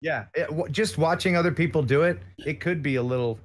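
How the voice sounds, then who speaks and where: A man's voice: fairly high pitch, fairly quick, a little hiss or hum. An American man chatting casually as a guest on a live stream, rambling and joking with lots of filler words.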